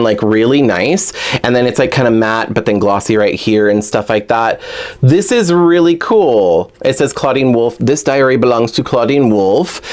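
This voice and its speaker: A man talking casually and excitably while unboxing a collector doll, full of fillers like "like" and "um". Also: medium pitch. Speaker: toy collector reviewing a doll.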